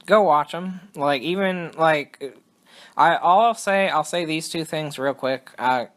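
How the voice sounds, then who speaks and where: Slightly high and a touch slow, this young man's fairly bright voice carries a casual podcast he co-hosts. His chat wanders, he often stops himself mid-sentence, and laughter comes easily.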